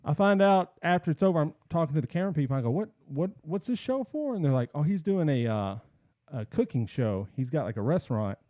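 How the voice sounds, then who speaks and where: Dark-voiced man telling a lively story. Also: a little high, quick pace, no room sound, studio quality. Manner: animated storyteller acting out quotes. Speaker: podcast host. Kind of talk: casual storytelling chat.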